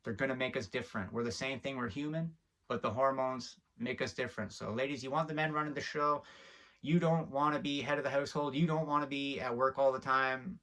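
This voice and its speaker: A man's voice: medium pitch, steady tone, brisk, a bit bright. A man hosting a video, giving a heated, preachy commentary straight to camera and getting worked up as he talks. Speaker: video host.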